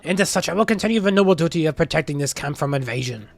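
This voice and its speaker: A man putting on a pompous merchant who declaims every line with grandiose, theatrical flair. The voice sits high and carries a gravelly edge, and faint game music plays underneath. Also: lively intonation, rapid-fire. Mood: haughty. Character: pompous, dramatic male merchant.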